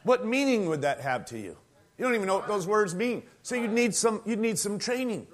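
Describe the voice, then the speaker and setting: A man preaching a sermon, conversational and animated, acting out quoted voices and rising to shouts at climaxes. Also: high-pitched, a little fast.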